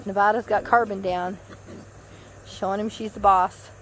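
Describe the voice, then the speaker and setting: A woman outdoors talking to puppies in a high, sing-song baby-talk voice. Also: steady tone, moderate pace, a little hiss or hum. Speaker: dog owner filming puppies. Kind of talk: casual chat to puppies. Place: outdoors in a yard.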